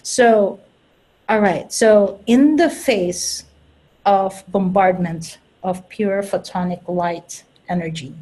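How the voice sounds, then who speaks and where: A woman's voice: mid-range voice, slow, warm tone, rough recording. A woman talking casually about spiritual growth, earnest and laughing at herself now and then. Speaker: host and spiritual coach.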